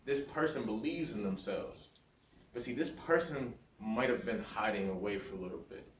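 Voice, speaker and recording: A man's voice: fairly low pitch, moderate pace. A man giving a motivational talk to students in a school hall. He speaks with energy and keeps checking in with his audience. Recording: roomy and distant, faint noise.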